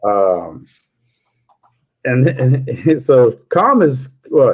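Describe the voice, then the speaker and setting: A man's voice: mid-range voice, sing-song, extremely slow, husky, lo-fi sound. A man hosting a casual livestream chat, telling jokey stories and chuckling often. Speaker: livestream host.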